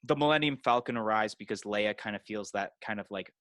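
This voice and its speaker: Low-voiced man recapping a film casually. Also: fairly quick, fairly bright tone, dry recording. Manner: loose storytelling full of "you know" and "like" fillers. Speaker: podcast co-host. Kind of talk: casual movie recap chat.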